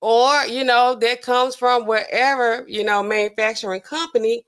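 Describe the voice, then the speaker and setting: A woman pharmacist hosting a casual true-crime livestream, chatting straight to her viewers with big swings of pitch. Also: fairly even intonation, moderate pace, a bit bright, smooth. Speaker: pharmacist host.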